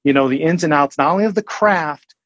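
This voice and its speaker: A man being interviewed, speaking in a measured, thoughtful way with frequent hesitations. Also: on the high side, a bit bright, no echo, muffled recording. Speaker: guest, senior colorist. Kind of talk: casual interview chat.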